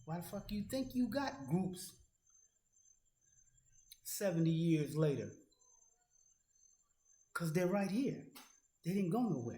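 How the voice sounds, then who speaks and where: This man's high, warm voice is very animated, yet he speaks slowly and pauses often. As an online commentator, he delivers an angry, profane monologue confronting a critic directly. There's a roomy echo on the recording.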